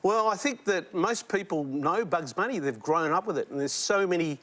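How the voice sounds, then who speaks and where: Chatty, jokey teacher. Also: male voice, sits high, lively intonation, moderate pace. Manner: chatty, self-deprecating, jokey. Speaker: quiz contestant, teacher. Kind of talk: casual banter on a TV quiz. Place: TV studio before a live audience. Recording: TV studio, loud audience and noise.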